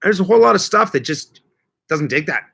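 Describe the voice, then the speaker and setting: Reading out viewers' comments, this gardening livestream host jokes and rambles in casual live chat. He has a high, very animated voice that is brisk, creaky, husky, and a bit bright.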